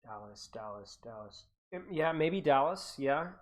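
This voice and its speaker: A man streaming and chatting loosely with his viewers, his pitch swinging up and down a lot. He rambles, repeats phrases and laughs between thoughts. He talks in a casual, offhand coaching-stream way. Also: expressive, measured pace. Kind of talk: casual livestream chat.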